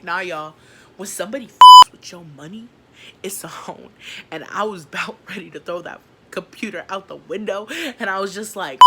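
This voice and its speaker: A woman's voice: on the low side, normal speed, very noisy. A young woman vlogger telling a story from her life in a casual, slangy way, acting out each scene as she goes. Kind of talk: storytime vlog.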